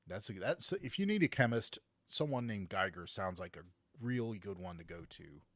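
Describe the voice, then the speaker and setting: A man's voice: deep voice, animated, moderate pace, fairly bright tone, dry recording. A man co-hosting a podcast, reading a science news story aloud with joking asides, a bit tipsy. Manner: reads steadily with asides and jokes, a bit tipsy. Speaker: podcast co-host. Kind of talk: casual chat, reading a news article aloud.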